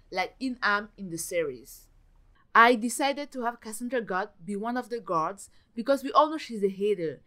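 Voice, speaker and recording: A young woman giving dramatic, excitable commentary while playing a life-simulation game, often gasping and exclaiming. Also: on the high side. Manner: dramatic, gasps and exclaims, ends points with "okay?". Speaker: gaming YouTuber.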